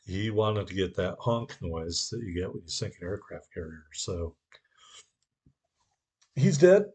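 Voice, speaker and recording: A man's voice: sits low, normal speed, slightly rough. A man giving a sarcastic, wry voice-over commentary on his own gameplay.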